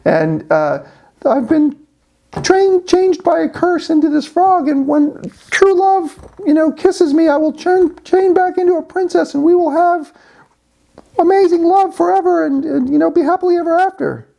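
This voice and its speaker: A man voicing a cursed princess turned into a frog, pleading in a high falsetto while telling a joke. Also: normal speed, vocal fry, mellow, muffled recording.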